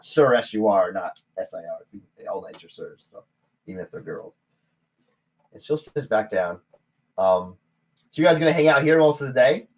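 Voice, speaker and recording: A man narrating as game master of a tabletop game, often halting to search for words. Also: lowish voice, animated, slight background noise.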